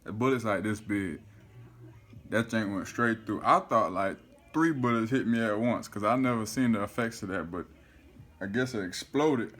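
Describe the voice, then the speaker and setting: Animated man telling a story. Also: lowish voice, moderate pace. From South Florida. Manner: animated, swears often, keeps saying "you feel me". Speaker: vlogger. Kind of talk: casual storytelling to camera.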